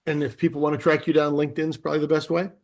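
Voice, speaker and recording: A man hosting a fintech podcast, talking in a chatty, animated way with frequent restarts. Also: on the high side, racing, gravelly. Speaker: podcast host. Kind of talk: casual podcast conversation. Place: local to Atlanta.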